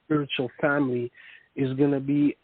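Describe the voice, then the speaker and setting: A man calling in to a spiritual talk radio show, speaking slowly and deliberately. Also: mid-range voice, little pitch movement, no room sound. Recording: dry, narrow phone line.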